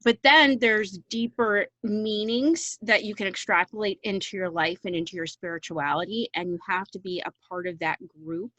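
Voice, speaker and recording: A woman co-hosting a podcast in casual chat, telling stories in an animated way and swearing freely. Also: medium pitch, moderate pace, hardly any pauses, no echo, poor audio. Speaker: podcast co-host.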